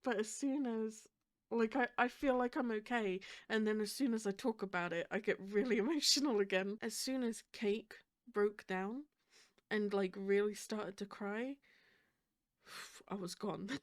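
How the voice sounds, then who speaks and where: A woman's voice: medium pitch, measured pace. A woman hosting a reaction video, talking casually and rambling as she fights back emotion, often laughing nervously.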